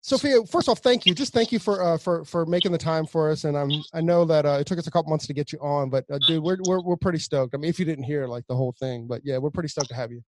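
An American man hosting a podcast, excitable and a bit hesitant, using laid-back slang. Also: fairly high pitch, fast, hardly any pauses, no echo. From United States. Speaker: podcast host. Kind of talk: casual podcast chat. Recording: dry close sound.

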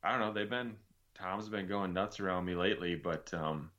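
A low-voiced man with a bright, forceful tone talks easily as a chat guest, making fun of himself. The sound is a little dull and lo-fi. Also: normal speed. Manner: self-deprecating, easygoing. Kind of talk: casual chat.

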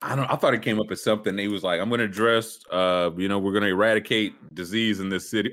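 A man co-hosts a casual sports and news podcast, joking around and riffing in bits with the others. His voice is lowish and a little bright, and he talks rapid-fire with fairly even intonation.

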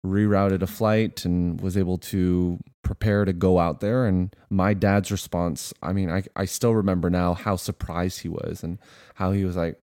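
Low, dark-voiced man in reflective chat. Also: level tone, moderate pace, no echo, studio quality. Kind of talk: casual conversation.

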